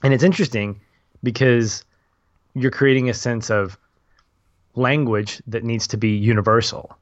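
A man's voice: mid-range voice, fairly even intonation, measured pace, no room sound. A young adult man in a casual film discussion, thoughtful and rambling, laughing easily. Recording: dull lo-fi audio.

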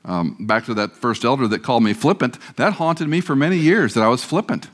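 A man's voice: medium pitch, lively intonation, brisk, few pauses. A middle-aged man preaching a sermon, joking at times and leading the congregation in repeated recitation. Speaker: guest preacher.

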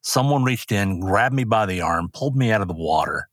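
A man's voice: on the low side, animated, brisk, fairly bright tone, dry recording, studio quality. An older man, a rodeo announcer, earnestly telling personal stories in an interview with many restarts. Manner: earnest, rambling anecdotes with restarts.

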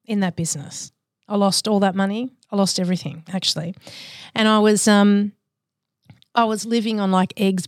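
A woman in her forties, a podcast guest telling her life story in a candid, reflective, measured way. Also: medium pitch, no echo, clean studio sound.

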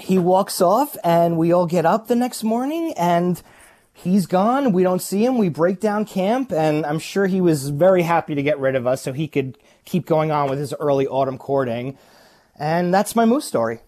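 A man telling a casual spoken anecdote, acting out voices and sounds in a lively way. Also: a little high, moderate pace. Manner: animated, acts out voices and sounds. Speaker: guest storyteller.

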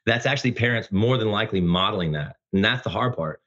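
Man, very deep voice, booming, passionate, slightly dull lo-fi sound. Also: fast talker. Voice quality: loud booming voice. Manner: passionate, animated storytelling. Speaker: podcast guest. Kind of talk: casual conversation.

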